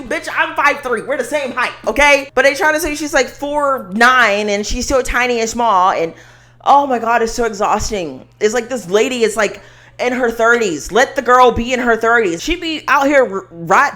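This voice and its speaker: A woman's voice: on the high side, fairly bright tone. A young woman giving a blunt, emphatic, slangy commentary rant to the camera. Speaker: commentary vlogger.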